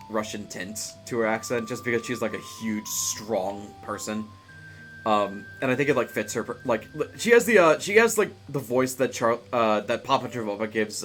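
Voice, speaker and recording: A man streaming a video game live, chatting in a rambling, playful way with lots of fillers and quick laughs. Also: lowish voice, a bit bright. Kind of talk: casual live-stream commentary.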